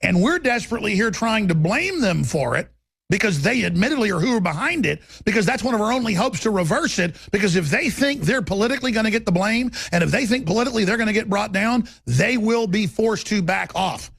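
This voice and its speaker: A combative talk-radio man with a Texas accent, his voice husky and raspy. He rants in a sarcastic, rambling flow, pitched high for a man. The sound is dry and close, with no room around it. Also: animated, fairly quick, fairly bright tone, dry recording. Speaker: radio talk show host. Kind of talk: ranting talk radio monologue.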